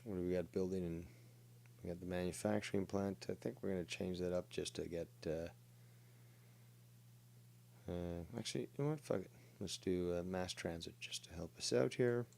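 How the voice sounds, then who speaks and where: Low-voiced profane man streaming a game. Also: moderate pace, vocal fry, long pauses, dark tone, slight background noise. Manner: crude, sarcastic, thinking aloud with frequent fillers. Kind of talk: live gaming commentary.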